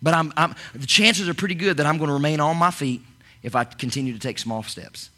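A man preaching a lively sermon as pastor, talking in bursts with many repeated words and restarts. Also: on the high side, fairly quick.

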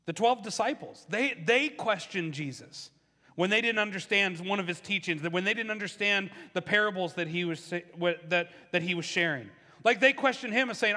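A male pastor gives a conversational sermon in a church sanctuary, his high, bright voice carrying a long reverb from the hall. He slips into the voices of the people he quotes, asking their questions aloud. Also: moderate pace. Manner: conversational preaching, acts out voices of questioners with rising pitch.

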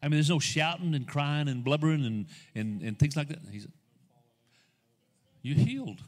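A guest speaker preaches a sermon in a slightly high voice, the sound carrying like a big room. He swings from soft, slow asides to loud, rising exhortation, acting out the people he quotes in his own voice.

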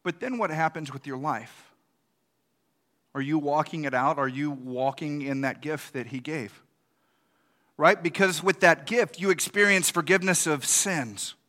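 A man's voice: fairly high pitch, unhurried, bright, forceful tone. A male pastor giving a conversational sermon, asking the congregation questions and acting out quoted reactions.

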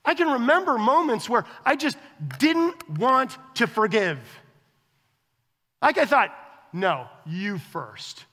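A man preaching a sermon as a pastor, conversational and animated, acting out quoted dialogue with his wife. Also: extremely high pitch, measured pace, long reverb tail.

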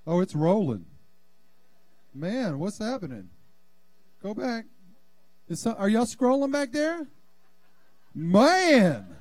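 A man with a high-pitched voice preaching in a church sanctuary. He delivers a fervent sermon and keeps calling on the congregation to answer back. The sound is close and dry, with little room echo. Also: huge pitch swings, takes it slowly, long pauses, darkish tone. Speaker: pastor.

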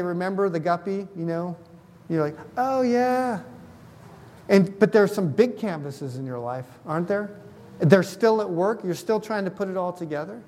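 A man with a fairly high voice preaches a sermon as a pastor. He keeps it conversational, often stopping to ask the congregation questions. His voice rings out with a long hall reverb. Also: a little mellow.

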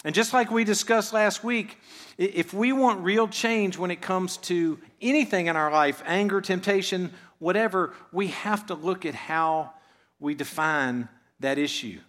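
A man with a slightly high voice delivers a sermon to his church. He talks plainly and conversationally, tossing in rhetorical questions and dropping to a quiet tone at the ends of his phrases. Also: measured pace. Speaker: pastor.

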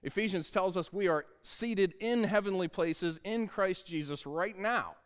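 A man's voice: sits high, a little slow, clean tone. A man, preaching a sermon in an upbeat, conversational way and asking the congregation questions. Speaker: pastor.

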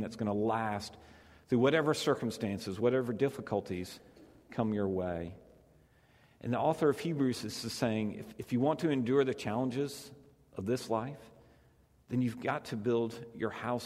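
A man's voice: medium pitch, darkish tone. Conversational male pastor in a reverberant hall. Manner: conversational, repeats phrases for emphasis. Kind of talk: sermon.

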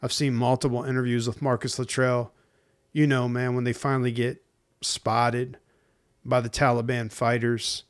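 A man preaching in a casual, conversational sermon, speaking plainly to listeners and slipping into slang and hushed acted-out asides. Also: medium pitch. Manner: acts out inner voices in hushed asides. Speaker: pastor.

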